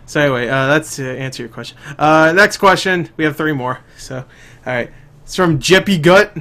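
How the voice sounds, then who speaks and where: A man's voice: on the high side, normal speed, bright, forceful tone. A young man hosting a casual gaming podcast, talking loosely with lots of swearing and laughter, often trailing off. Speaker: podcast host.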